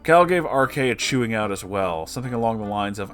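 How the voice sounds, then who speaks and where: A man reading an online story aloud with expressive, sarcastic, swearing asides. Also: on the low side, fast, few pauses. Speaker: story reader.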